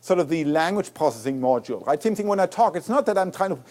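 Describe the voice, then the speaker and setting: A man with a German accent and a first language of German, giving an academic lecture as a guest neuroscientist in an animated, explaining way, often restarting and repeating words. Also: a little high, fast talker. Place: lecture hall.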